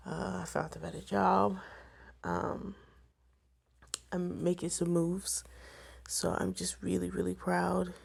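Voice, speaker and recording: A woman's voice: on the low side, vocal fry, a little mellow, breathy edge. A young woman telling a personal story to camera, emotional and tearful at times, with many fillers. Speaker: vlogger.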